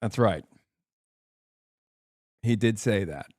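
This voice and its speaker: A man in his thirties doing casual political commentary on a stream, animated and sarcastic, with exasperated asides. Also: on the low side, takes it slowly, no room sound, studio quality. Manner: reads quotes aloud in a put-on accent.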